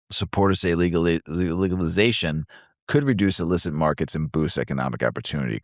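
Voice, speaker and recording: A middle-aged man with a very deep voice reads news items aloud and tags each with a wisecrack. The mic is close and dry, with no room sound, and his delivery stays loose and jokey. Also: no room sound. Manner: reads headlines then cracks jokes, laughs easily. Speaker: podcast co-host. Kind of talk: casual news rundown with jokes.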